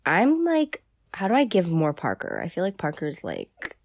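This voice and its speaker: A young woman mutters and jokes her way through a script. Her voice is low and gravelly yet swoops all over the place, recorded dry and close. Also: huge pitch swings, moderate pace, no room sound. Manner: goofy, rambling, mock-dramatic. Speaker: voice actor. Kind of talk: casual commentary while reading a script.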